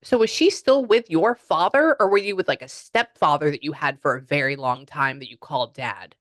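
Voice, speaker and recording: A woman's voice: sits low, moderate pace, no echo. A woman working as a psychic medium who chats through a reading, rambling with many fillers. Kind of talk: casual spirit reading.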